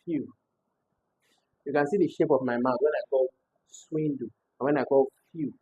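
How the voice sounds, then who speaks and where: Guy tutoring for an english exam, kinda husky, sounds like its over a phone, says words over and over to show the sounds. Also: mid-range voice, steady tone, brisk, warm tone. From Nigeria. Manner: explains step by step, repeats words aloud to show sounds. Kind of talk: exam prep lesson. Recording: tinny phone-like audio.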